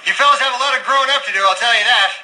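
A man voicing a fussy, indignant older man who scolds loudly. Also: very high voice, racing, faint music behind, exaggerated voice, poor audio. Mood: huffy. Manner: loud huffy scolding.

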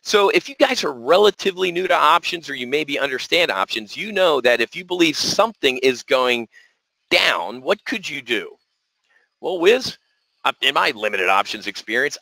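A man hosting a live options trading webinar, talking in an energetic, folksy way and repeating words for emphasis. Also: on the high side, creaky, dry recording, low-quality recording. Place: resort room.

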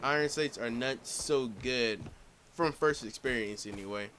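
Male gamer, casual live commentary, mid pitch, jumpy reactions, game gunfire loud in the mix. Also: unhurried, slight background noise. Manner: excitable, swearing, laughing at his own play. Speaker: gaming commentator. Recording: gunfire from the game behind his voice.

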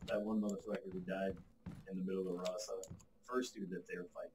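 A young man chatting casually while gaming, excitable, swearing and calling his friend bro. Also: sits low, fast talker, noisy background. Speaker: gamer.

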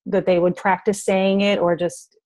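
A woman's voice: mid-range voice, flat delivery, normal speed, darkish tone. A woman hosting a podcast interview, encouraging her guest and thinking aloud with easy fillers as she forms questions. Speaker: podcast host. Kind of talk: casual interview chat.

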